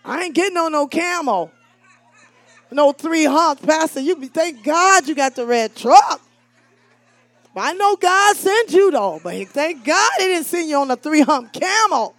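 A woman preaching a sermon, animated, calling out to the congregation and dropping from shouts to hushed asides. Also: high-pitched, a little slow, dry recording. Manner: animated and call-and-response, swinging between shouts and hushed asides.

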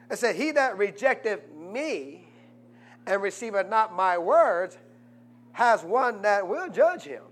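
A man pastor preaching a sermon and drawing answers from the congregation, swinging from quiet asides to loud, fervent peaks. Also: high voice. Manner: rises to loud preaching, asks congregation "what?". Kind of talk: call-and-response sermon.

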